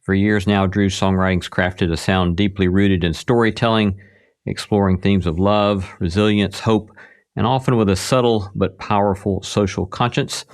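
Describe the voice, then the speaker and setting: A man with a low voice hosting an interview show. He introduces his guest and asks questions in a thoughtful, professorial manner. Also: fairly even intonation, moderate pace. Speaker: podcast host.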